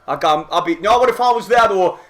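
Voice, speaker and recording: Young lad with a high voice, streaming live football reactions and swinging between yells and quiet chat-reading. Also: male voice, fast. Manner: excitable, shouting and swearing at goals, then quietly reading chat.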